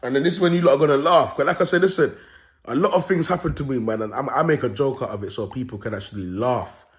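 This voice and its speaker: A young man talking straight to his audience in an animated, streetwise way. He tells his story as a loose spoken monologue at a middle pitch, with slang throughout and repeated checks that he is being followed. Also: fast. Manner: streetwise slang, animated, often asks "you get me". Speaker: self-styled prophet vlogger.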